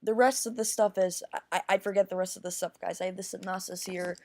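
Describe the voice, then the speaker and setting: A woman giving a casual film review, rambling and excitable, with frequent restarts, calling her viewers "guys". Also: fairly low pitch. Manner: rambling, halting with many restarts.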